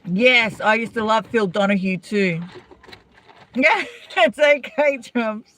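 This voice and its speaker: A woman's voice: on the high side, lively intonation, slow pace, fairly bright tone. A woman with an Australian accent hosting a casual live-stream chat, gossiping and answering viewers' comments by name. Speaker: vlogger chatting with live viewers.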